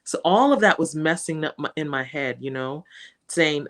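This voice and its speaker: Animated woman guest, laughs easily. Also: low voice, moderate pace. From West Africa. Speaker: guest, social media creator. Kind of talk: casual interview chat.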